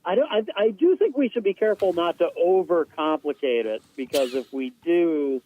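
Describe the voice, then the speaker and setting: A man's voice: a little high, animated, moderate pace, phone-quality sound, slight background noise. A man in casual podcast chat, hesitant and restarting his sentences often.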